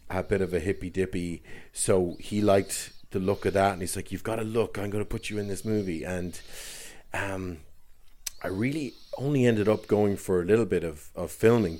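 A man's voice: low-pitched, dark tone. An Irish man telling a long, rambling story in casual chat, often restarting his sentences and laughing as he goes. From Ireland.

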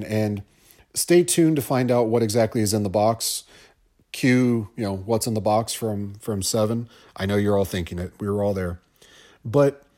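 A man's voice: lowish voice, a little mellow. A man co-hosting a film podcast, rambling through his commentary and often stumbling and repeating words. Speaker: podcast co-host discussing a film.

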